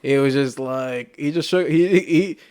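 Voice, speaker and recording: A man's voice: medium pitch, measured pace, a little mellow, clear, resonant tone. A man co-hosting a casual podcast chat, rambling with many likes and restarts. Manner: rambling, heavy use of "like", frequent restarts. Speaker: podcast co-host.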